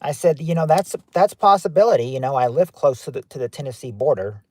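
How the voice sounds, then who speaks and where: A man's voice: medium pitch, a little mellow, no room sound. Southern guy from kentucky streaming outside, reading chat, stop-start talk, dry close sound. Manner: reads viewer chat aloud and answers, halting with restarts. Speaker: livestream host. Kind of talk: casual livestream chat. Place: outdoors.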